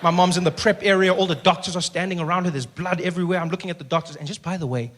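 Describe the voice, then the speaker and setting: A man in his thirties from South Africa telling a stand-up story on stage, acting out every character with sudden loud outbursts. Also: sits high, steady tone, very fast, slight background noise. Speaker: stand-up comedian. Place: theater stage before a live audience.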